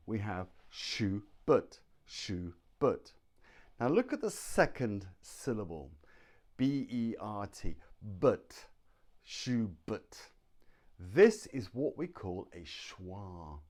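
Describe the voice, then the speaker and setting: A man with a British accent teaching English pronunciation, speaking deliberately and repeating words to drill the sounds. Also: on the low side, sing-song, a little mellow. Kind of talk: pronunciation lesson.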